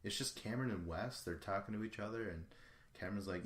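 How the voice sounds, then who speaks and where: A man's voice: fairly low pitch, quick pace, a bit bright, roomy sound. A man hosting a podcast alone, recapping in a casual, rambling way that is full of profanity. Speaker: podcast host. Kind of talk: solo show recap.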